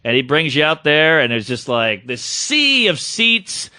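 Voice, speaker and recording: A man co-hosting a podcast, telling a long story in an animated, casual way and acting out other people's voices. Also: a little high, a little slow, no echo, clean studio sound. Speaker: podcast co-host, comedian.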